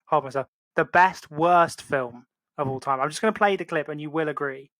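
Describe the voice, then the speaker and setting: A man hosting a podcast, chatting in an animated, rambling way full of "like". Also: fairly high pitch, moderate pace, no echo. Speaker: podcast host. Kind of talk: casual banter.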